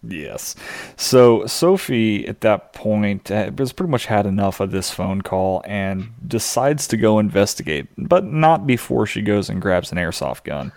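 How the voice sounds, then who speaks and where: A man co-hosting a podcast, casually recapping a TV episode in a relaxed, explanatory way. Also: lowish voice, unhurried, creaky. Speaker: podcast co-host.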